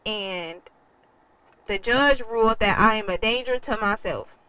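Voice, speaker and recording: A woman's voice: on the high side, a little slow, bright, forceful tone, rough recording. A young adult woman telling a personal story in a candid, emotional way, with casual swearing. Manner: quotes others in a changed voice. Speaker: vlogger.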